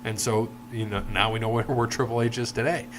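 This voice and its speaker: A man's voice: mid-range voice, fairly even intonation, fairly quick, background noise. A man co-hosting a casual podcast, telling long rambling stories and acting out the people in them. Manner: rambling storyteller, retells anecdotes with quoted voices. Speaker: podcast co-host. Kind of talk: casual chat.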